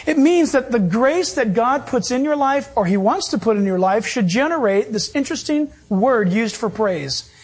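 A man preaching from the pulpit, with a high, slightly husky voice. He delivers his sermon in animated, emphatic bursts, shifting between quick and drawn-out phrases. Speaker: pastor.

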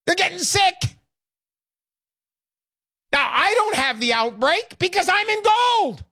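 A man hosting a call-in show, pitching with brash, hard-selling talk and lots of repetition. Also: big pitch swings, takes it slowly, bright, forceful tone, dry recording, clean studio sound. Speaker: radio show host.

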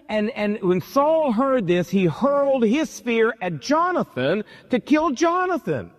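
A man's voice: high voice, very animated, unhurried, few pauses. A man preaching a sermon, retelling scripture in casual modern speech and acting out the characters' lines. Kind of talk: sermon, retelling a Bible story.

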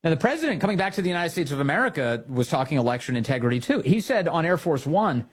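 A man hosting a political commentary show, talking in an animated, sarcastic way. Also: on the high side, quick pace, few pauses, breathy edge. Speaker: host.

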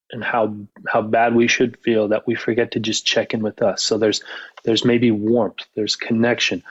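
A man coaching golfers on a podcast, guiding a mindfulness exercise in calm, measured phrases. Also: mid-range voice, dry recording, dull audio. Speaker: golf mental coach, author.

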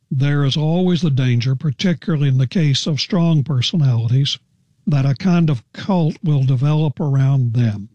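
A man teaching the Bible verse by verse on a radio program, earnest and deliberate, stressing key words. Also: mid-range voice, dark tone, dry recording, dull audio.

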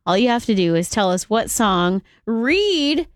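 A woman's voice: fairly high pitch, sing-song, a little slow, no room sound, studio quality. A woman hosting a morning radio show, chatty and bubbly in casual banter.

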